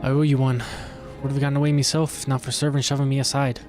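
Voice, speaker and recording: A man voicing a rough, shameless male pirate sailor in a put-on Irish accent, reading game dialogue aloud. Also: mid-range voice, flat delivery, fast talker, over music, natural voice. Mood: brash.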